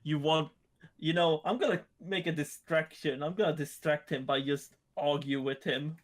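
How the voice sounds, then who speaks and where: Man, player, higher pitch, blunt, joking. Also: steady tone, moderate pace. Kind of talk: casual tabletop play.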